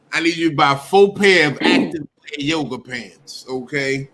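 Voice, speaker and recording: A comedian guest in a casual chat, joking and teasing in an unhurried way. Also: male voice, fairly high pitch, fairly bright tone, slight background noise.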